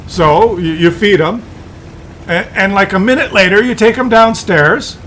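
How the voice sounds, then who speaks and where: A man's voice: high-pitched, unhurried, a bit bright, slight background noise. A man ranting in a rambling, profane monologue, full of fillers and restarts. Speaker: streamer.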